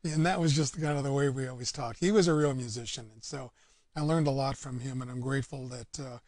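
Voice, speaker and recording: A man's voice: mid-range voice, a little fast, darkish tone, dry recording. Easygoing man chatting, dry sound. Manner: easygoing, rambling with many fillers. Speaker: guest musician. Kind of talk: casual interview chat.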